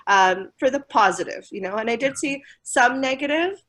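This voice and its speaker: Lively woman telling school stories. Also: high voice, moderate pace. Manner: animated, laughing, voices quoted people. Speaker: school administrator guest. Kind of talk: casual interview storytelling.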